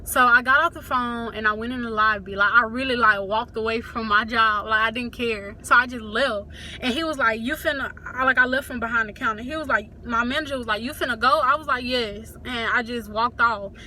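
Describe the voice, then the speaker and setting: A woman's voice: a little high, fairly quick, bright, forceful tone, slight background noise. A young woman telling a family story to camera in a casual storytime, addressing viewers directly and acting out what people said. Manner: talks straight to viewers, acts out quotes.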